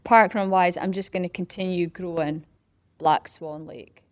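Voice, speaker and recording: Unhurried and lowish in pitch, the Scottish parkrun founder, a middle-aged woman, recalls launching the community run in a relaxed interview. She tells it animatedly, voicing what people said, with no room sound.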